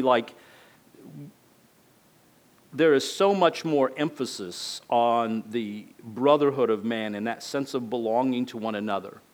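A middle-aged man from El Paso, Texas, preaching a conversational sermon in a rambling, chatty way with many fillers and restarts. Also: medium pitch. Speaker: pastor.

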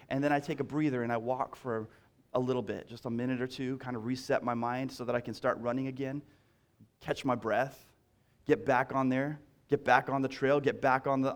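A man's voice: medium pitch, fairly even intonation, moderate pace, fairly bright tone. A male pastor preaching a sermon in a conversational way, repeating key lines and restarting phrases as he talks.

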